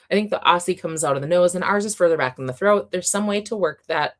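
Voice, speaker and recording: A young adult woman hosting a livestream, chatting casually and excitably with viewers, with many fillers and frequent laughter. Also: lowish voice, a little fast. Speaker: livestream host.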